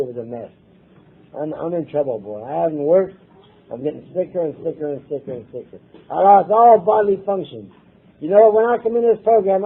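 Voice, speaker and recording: A man's voice: high voice, husky. Older American man, blunt earnest storytelling. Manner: earnest, blunt storytelling with swearing and repeated phrases. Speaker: speaker at a recovery meeting. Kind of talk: personal story told to a live meeting. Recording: tinny lo-fi tape recording.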